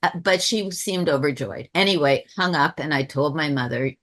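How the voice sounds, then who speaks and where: A woman's voice: low-pitched, moderate pace, a bit bright. A woman telling a personal spiritual story on a webinar, in a reflective, rambling way, often restarting her sentences. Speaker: webinar speaker. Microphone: video call.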